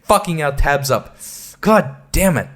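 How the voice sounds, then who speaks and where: A man's voice: on the high side, lively intonation, measured pace. A man hosting a podcast, ranting casually and profanely in an exasperated way. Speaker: podcast host.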